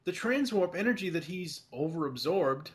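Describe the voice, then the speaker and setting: Talking about a cartoon in a loose, casual chat, this male podcast co-host rambles, restarts, fills gaps, and swears now and then. His voice is on the high side with lively intonation, at a normal pace.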